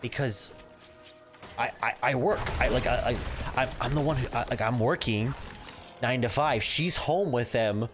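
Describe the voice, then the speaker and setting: A young man who's a father livestreams a game at normal speed in a mid-range voice, game music in the background. Casual and animated, he laughs often and reenacts family conversations.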